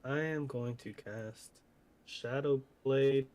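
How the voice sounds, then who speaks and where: A man's voice: mid-range voice, takes it slowly, a little mellow, muffled recording. A man playing a tabletop game, hesitating and searching aloud as he declares his moves. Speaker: player. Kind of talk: casual tabletop play.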